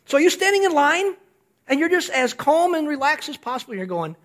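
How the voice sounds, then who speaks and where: Animated older man preaching. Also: extremely high pitch, fairly quick. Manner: conversational storytelling, rhetorical questions to the congregation. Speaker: pastor. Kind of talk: sermon.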